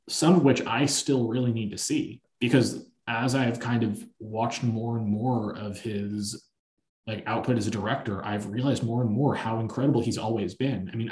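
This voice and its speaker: Man, podcast host, casual film chat, animated anecdotes, echoey room. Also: medium pitch. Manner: animated, long-winded anecdote telling.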